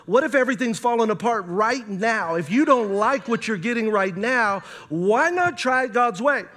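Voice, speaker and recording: Pastor, male, higher register, emphatic sermon delivery with scripture readings. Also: animated, normal speed, a bit bright. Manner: preaching with emphatic rises, reads scripture aloud.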